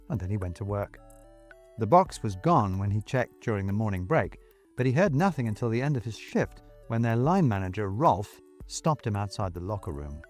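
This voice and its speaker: A man narrating a story in a steady, measured way. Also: lowish voice, soft background music. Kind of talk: audiobook storytelling.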